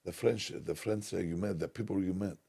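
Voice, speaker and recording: An older man, a DJ guest telling stories in broken English with animated, emphatic repetition. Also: sits low, fairly quick, creaky, slightly rough. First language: Greek. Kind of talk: storytelling interview chat.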